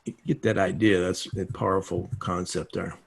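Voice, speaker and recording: A man's voice: low-pitched, moderate pace, creaky, breathy edge. A man giving a casual self-help teaching talk over a video call, telling stories and acting out the dialogue in them. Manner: animated storytelling, acts out quoted dialogue.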